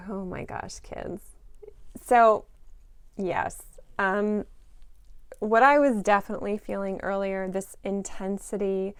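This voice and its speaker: A woman giving a spoken intuitive reading to parents, gentle and reflective, musing aloud with fillers. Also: mid-range voice, dry recording. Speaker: intuitive reader.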